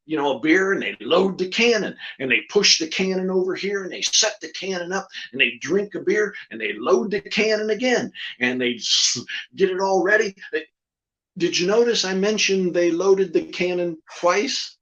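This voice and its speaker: A ventriloquist telling a comic story in a chat, a lively storyteller who repeats lines for effect. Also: male voice, high voice, moderate pace. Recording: slightly dull lo-fi audio.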